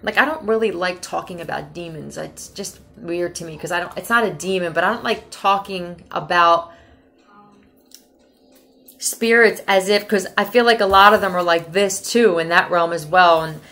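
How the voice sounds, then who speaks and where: Woman from philly, tarot reading monologue, blunt and profane, rambling, low-ish voice. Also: moderate pace, a bit bright. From Philadelphia. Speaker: tarot reader.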